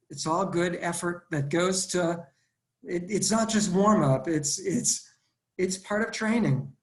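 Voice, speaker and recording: A male fitness instructor leading a live online workout class, counting reps aloud and giving step-by-step cues over a video call. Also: high voice. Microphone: video call computer mic. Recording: roomy echo.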